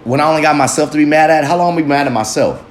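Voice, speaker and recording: A man's voice: a little high, rapid-fire, a little hiss or hum. A man hosting his own vlog, delivering a casual, heavily profane motivational monologue and talking emphatically to himself. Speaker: vlog host. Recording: echoey room with faint ambience.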